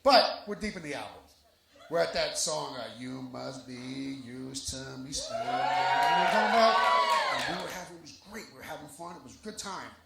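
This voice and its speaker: Gravelly animated stand-up man. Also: on the high side, fast, a faint crowd. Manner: self-deprecating, raunchy storytelling. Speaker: stand-up comedian. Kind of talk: live stand-up set. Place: comedy lounge stage. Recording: echoey lounge with background noise.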